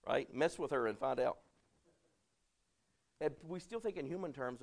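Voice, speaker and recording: A man's voice: medium pitch, expressive, normal speed, vocal fry, pauses often. A middle-aged man, a pastor preaching a conversational sermon and often checking in with "right?".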